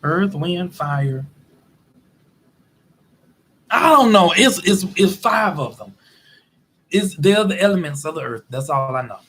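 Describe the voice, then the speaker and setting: A man vlogging in casual commentary, telling stories in an animated way and acting out quotes as he goes. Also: a little high, slow, long pauses, breathy edge. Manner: animated storytelling with acted-out quotes.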